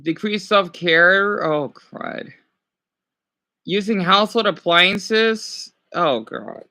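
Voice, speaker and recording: A man's voice: high voice, expressive, slow pace, bright, forceful tone. A man streaming casually, reading quiz questions aloud and reacting with exclamations while he talks back to his chat.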